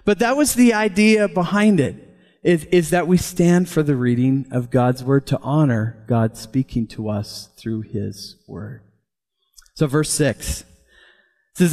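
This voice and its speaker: A man preaching a sermon as pastor, lively and chuckling often as he talks. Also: fairly high pitch, measured pace. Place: church. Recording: long hall reverb.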